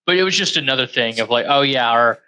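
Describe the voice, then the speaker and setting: Bright-voiced profane podcast co-host man. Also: mid-range voice, quick pace, rough recording. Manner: rambling, profane, animated storytelling. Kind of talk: casual chat.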